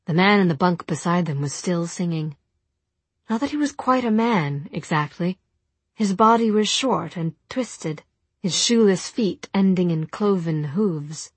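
A woman narrating an audiobook in a soft, measured storytelling manner. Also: lowish voice, animated, breathy edge, dry recording. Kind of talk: audiobook reading.

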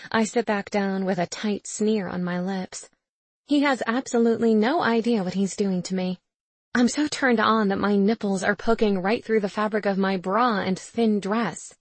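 A woman's voice: medium pitch, normal speed, no echo. Wry young woman narrating, dry sound. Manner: wry, sarcastic inner monologue. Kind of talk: first-person audiobook narration.

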